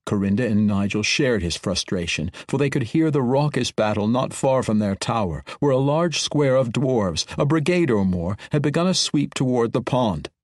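Expressive male audiobook narrator, dry studio. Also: mid-range voice, normal speed, few pauses, no room sound. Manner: expressive, dramatic reading. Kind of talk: scripted narration.

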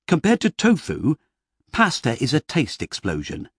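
A man voicing a flustered writer who talks in a fussy, rambling, exasperated way, pitched up from his reading voice, in an audiobook. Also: wildly swooping pitch, unhurried, breathy edge, dry recording, studio quality, exaggerated voice. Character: flustered middle-aged male fantasy writer.

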